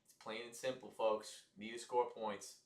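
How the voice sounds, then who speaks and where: Casual lower-voiced man in an echoey room. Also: little pitch movement, normal speed. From United States. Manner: loose, chatty, reacting to plays, mock ad reads. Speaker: host of a live football watch-along stream. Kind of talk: casual live game commentary and reactions.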